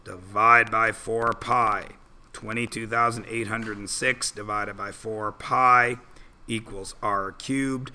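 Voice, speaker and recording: A man's voice: on the low side, level tone, a little slow, sharp tone. A male math teacher reviewing algebra in a classroom, working through problems step by step and quizzing students as he goes. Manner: walks students through steps with questions.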